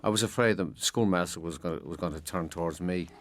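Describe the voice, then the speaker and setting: An older man from Ireland giving an audio commentary, halting and repeating words as he recalls his past. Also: low-pitched, a little hiss or hum. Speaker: film commentator.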